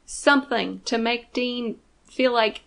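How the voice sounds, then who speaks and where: A woman co-hosting a casual fan podcast, blunt and swearing, with quick asides. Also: a little high, creaky, a bit bright. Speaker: podcast co-host.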